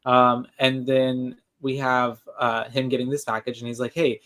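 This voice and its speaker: Podcast co-host, man, mid-pitched voice, loose rambling recap full of fillers. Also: flat delivery, normal speed, bright, forceful tone. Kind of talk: casual chat.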